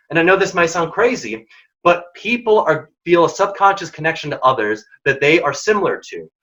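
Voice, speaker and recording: A man's voice: on the high side, pushed and bright, dull audio. A man hosting a career workshop, giving direct, emphatic advice in short punchy lines. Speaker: program founder and workshop host.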